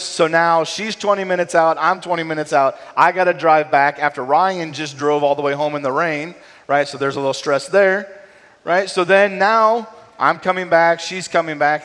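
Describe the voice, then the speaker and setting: A middle-aged man preaching a sermon in a casual, conversational way, often tagging his points with a quick question to the room. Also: fairly high pitch, a bit bright. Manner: conversational, frequent tag "right?". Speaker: pastor. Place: church sanctuary. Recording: long hall reverb.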